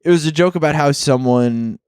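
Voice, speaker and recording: A man's voice: fairly high pitch, a little fast, darkish tone, smooth, dry recording, studio quality. A man co-hosting a comedy podcast, crude and joking in casual chat. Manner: crude, joking, tells stories with quoted bits. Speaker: podcast co-host.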